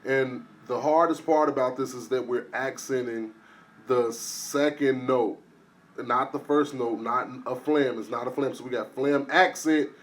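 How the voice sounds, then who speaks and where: A man teaching drum rudiments in a casual lesson, explaining step by step and counting the strokes out loud. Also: mid-range voice, fairly even intonation, unhurried. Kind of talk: casual instructional talk.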